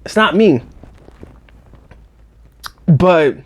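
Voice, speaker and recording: Give me a man telling a storytime vlog, animated and full of slang and cussing. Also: a little high, drawn-out words. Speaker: vlog host.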